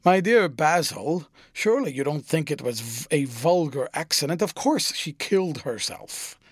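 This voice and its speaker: A man voicing a vain, cold young gentleman who speaks in a languid, airy, dismissive manner, with a husky voice. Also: fairly high pitch, lively intonation, normal speed, no echo, clean studio sound. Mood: aloof.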